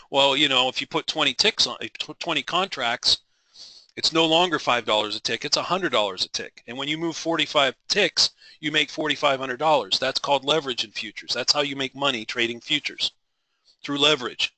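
A man's voice: mid-range voice, brisk, bright, forceful tone, no room sound, poor audio. A middle-aged man leading a live trading webinar, passionate and driven, rambling with frequent restarts and apologies.

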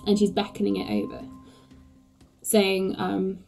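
A woman's voice: mid-range voice, steady tone, measured pace, mellow, soft background music, rough recording. A woman game master narrating a tabletop game, describing scenes hesitantly with many fillers.

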